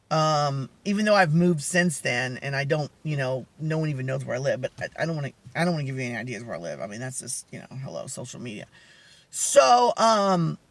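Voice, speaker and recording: A man with a soft, feminine-sounding voice telling a rambling story in a casual vlog chat. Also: fairly high pitch, creaky, no echo. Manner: rambling, animated storytelling with many asides. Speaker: vlogger.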